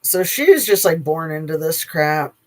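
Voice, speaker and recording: Expressive and mid-range, the voice belongs to a channel host sharing casual opinions. The delivery is blunt and sarcastic, rambling along with filler pauses and casual profanity.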